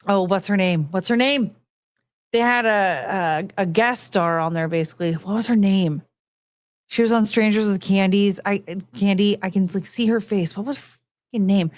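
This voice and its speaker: A woman's voice: medium pitch, normal speed, no room sound. A woman in her forties hosting a podcast, rambling and chatty, laughing often and swearing casually. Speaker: podcast host. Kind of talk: casual chat.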